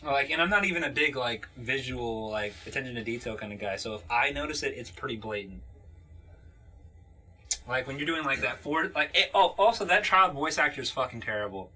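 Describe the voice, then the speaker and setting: Male podcast host, bright voice, loose rambling delivery with swearing. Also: mid-range voice, animated, brisk. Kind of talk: casual podcast chat.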